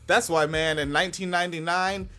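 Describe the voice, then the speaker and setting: Podcast host lady, kinda low for a woman, loose profane rambling, lots of laughs. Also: fairly even intonation, brisk, bright, forceful tone. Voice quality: fairly high-pitched voice. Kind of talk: casual podcast chat.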